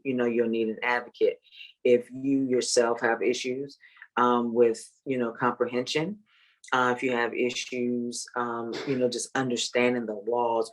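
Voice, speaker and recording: A woman who works as a parent advocate, talking in a measured way with many fillers. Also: extremely low pitch, low-quality recording. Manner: measured, full of "um" and "you know". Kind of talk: casual chat.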